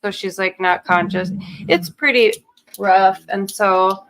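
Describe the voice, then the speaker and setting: A woman's voice: mid-range voice, fairly even intonation, takes it slowly, a bit bright, slight background noise, low-quality recording. A young woman from Minnesota with a faint Minnesotan accent, chatting casually and rambling with lots of "like" fillers. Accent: light Minnesotan. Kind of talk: casual chat.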